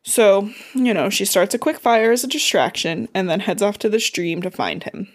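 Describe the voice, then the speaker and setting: A woman's voice: mid-range voice, expressive, moderate pace. A woman co-hosting a podcast, casually recapping a book chapter with lots of fillers and swearing. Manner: chatty, swears freely, lots of "like" and "um".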